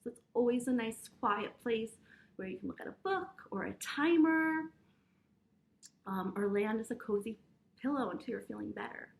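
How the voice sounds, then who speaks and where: A young adult woman, a teacher, giving young children a gentle, encouraging lesson with breathing exercises and speaking straight to them. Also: a little high, lively intonation, moderate pace, gravelly. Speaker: preschool teacher.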